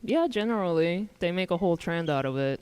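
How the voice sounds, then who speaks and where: A man's voice: high-pitched, lively intonation, brisk, a little mellow, clean tone. A young man with a Southern US accent, a student, answering in class in an easygoing way with fillers and laughs. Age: young adult. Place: large lecture hall. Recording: long echo of a lecture hall.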